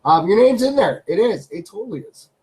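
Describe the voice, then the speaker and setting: A man's voice: high voice, big pitch swings, fairly quick, over a noisy crowd, rough recording. A Canadian man hosting a casual live stream from his home studio. He chats loosely, repeats his phrases, and calls out to his pets.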